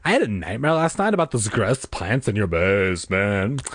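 A man voicing a young girl friend who talks quietly and seriously. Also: fairly low pitch, sing-song, normal speed, no echo, studio quality.

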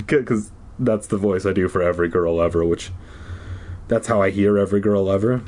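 A man's voice: low voice, fairly even intonation, brisk, darkish tone. A man reading a children's horror book aloud with sarcastic, swearing asides.

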